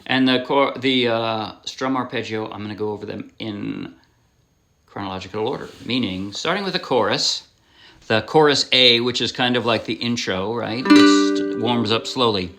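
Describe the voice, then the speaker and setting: A man's voice: mid-range voice, moderate pace, a bit bright, faint music behind. A man giving a casual ukulele lesson, talking in a loose, rambling way, often restarting his sentences and apologizing as he explains. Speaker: ukulele instructor. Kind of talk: casual music tutorial. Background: ukulele playing.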